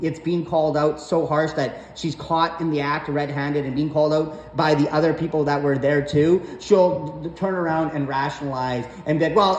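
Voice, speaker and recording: A man's voice: fairly high pitch, darkish tone. A man telling stories about his mother in a casual, rambling, exasperated rant full of swearing. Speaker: storyteller vlogger. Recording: roomy echo, faint background noise.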